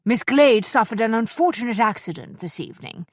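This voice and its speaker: A woman voicing a composed gentleman who speaks calmly and evenly, in her own lively, fairly high voice. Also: brisk, dry recording, studio quality.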